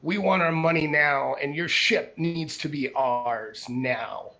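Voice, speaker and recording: A pair of gruff bandit men making slow, menacing demands, as a game master voices them. They speak in plain voices in a tabletop game. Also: male voice, fairly high pitch, pushed and bright, full character voice. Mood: threatening.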